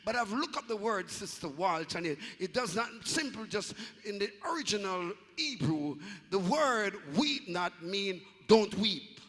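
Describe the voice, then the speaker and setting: A man preaching a Pentecostal sermon in a church, shouting in a sing-song cadence and dropping to hushed asides. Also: high voice, big pitch swings, moderate pace, hardly any pauses, in a large hall. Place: church sanctuary.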